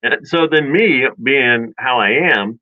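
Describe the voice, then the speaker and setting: A man casually telling childhood stories in a rambling, animated way, with many restarts and chuckles. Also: mid-range voice, takes it slowly, no room sound. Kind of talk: casual storytelling chat. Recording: dull dry lo-fi sound.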